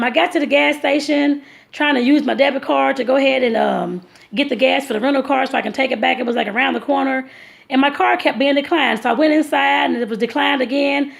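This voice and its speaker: A woman vlogger tells a long personal story in a loose, rambling way, calling her viewers y'all. Her voice sits a little high and carries heavy vocal fry. She circles back with fillers and restarts as she talks. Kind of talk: casual storytelling vlog.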